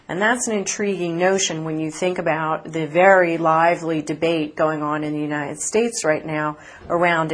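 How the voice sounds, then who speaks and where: A woman reporter answering interview questions in an articulate, measured way, with occasional fillers. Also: deep voice. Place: conference city, remote from host.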